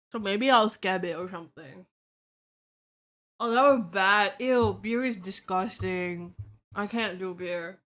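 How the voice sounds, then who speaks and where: A woman's voice: medium pitch, a bit bright. A young woman streaming casually while tipsy, sleepy and rambling, swearing a lot. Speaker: vtuber streamer. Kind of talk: casual drinking stream chat.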